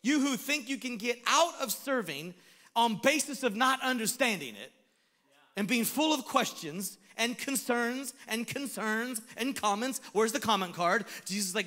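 A man preaching a sermon as pastor, animated, swinging between shouted lines and hushed asides. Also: very high-pitched, normal speed, big-room sound. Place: church sanctuary.

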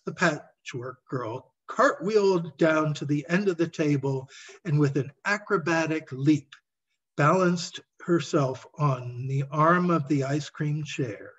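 A man reads his own storybook aloud at a slow, measured pace, his voice husky and slightly high. The recording is dull and lo-fi. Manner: measured, expressive reading. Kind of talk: storybook read-aloud narration.

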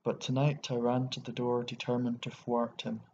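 A man with an Irish accent narrating a short story in a steady, even way. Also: medium pitch, moderate pace. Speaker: audiobook narrator. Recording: dull lo-fi recording with faint hiss.

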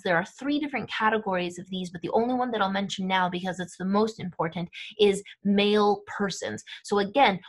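A woman teaching a grammar lesson, explaining each step clearly and methodically. Her pitch sits in the middle of the range. She keeps checking that learners follow with a quick "okay?" or "right?". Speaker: language teacher.

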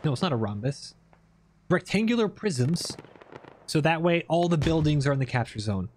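A man giving lively, joking play-by-play commentary over tactical shooter gameplay as the channel host. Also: fairly high pitch, normal speed, slight background noise.

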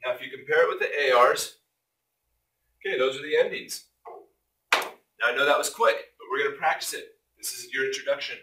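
A bright, energetic man explains a lesson in a jokey way, now and then booming out an exclamation. His voice bounces around a reverberant room. The mic sits some distance away, so he sounds slightly far off. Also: fairly quick, long pauses. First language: English. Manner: energetic, jokey, punctuates points with loud exclamations. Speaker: Spanish teacher.

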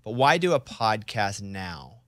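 A man hosting a radio show, asking questions in a quick, joking, self-mocking way. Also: lowish voice, very animated, a bit bright, dry recording, studio quality. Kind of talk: casual interview chat. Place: radio studio.

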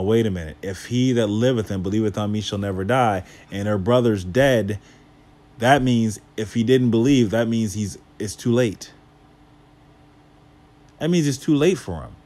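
A man's voice: lowish voice, darkish tone. A man leading a Bible study, reading scripture aloud and breaking it down with rhetorical questions and casual asides. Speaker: Bible teacher.

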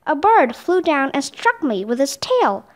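A kindly old male genius who loves all creatures, voiced by a woman reading aloud. He speaks gently and heartily in a very high voice. It rises and falls a lot. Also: very animated, measured pace.

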